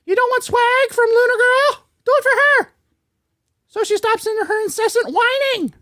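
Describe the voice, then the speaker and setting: A woman voicing a cheeky googly-eyed puppet, reading a comic plug in a shrill, bossy, pleading voice. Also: normal speed, fairly bright tone, no room sound, clean studio sound. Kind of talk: comic ad read in a character voice.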